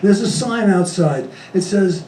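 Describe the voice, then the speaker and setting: A man doing stand-up comedy, rattling off deadpan jokes and chuckling at his own punchlines on a comedy club stage. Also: sits high, a little slow. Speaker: stand-up comic. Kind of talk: stand-up joke telling. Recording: echoey club, distant mic, faint room noise.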